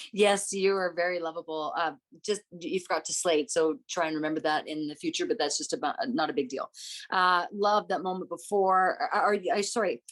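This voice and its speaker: Low-voiced, encouraging woman judge. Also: fairly even intonation, moderate pace. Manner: encouraging, gently corrective. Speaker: competition judge. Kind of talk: casual spoken feedback.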